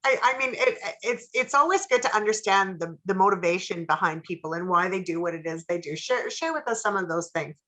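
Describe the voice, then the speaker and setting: A woman's voice: medium pitch, expressive, brisk, hardly any pauses, pushed and bright. A woman hosting a casual interview, telling her own story with animation and encouraging her guest to share. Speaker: interview host.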